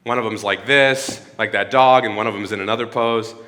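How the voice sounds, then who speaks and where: A man's voice: on the low side, steady tone, brisk, sharp tone, big-room sound. A man in his thirties giving an earnest sermon-like talk at a church. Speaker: speaker at a church. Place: church hall.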